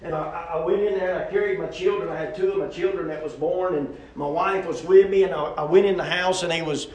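A man's voice: a little high, steady tone, a little fast, darkish tone, echoey room. A middle-aged man, preaching a sermon with a repetitive, emphatic cadence and personal stories.

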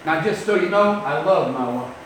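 An older man preaching a storytelling sermon to a congregation, emphatic, swinging from loud outbursts to quiet asides. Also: on the high side, lively intonation, moderate pace, a little hiss or hum. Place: church sanctuary. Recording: very echoey, distant mic.

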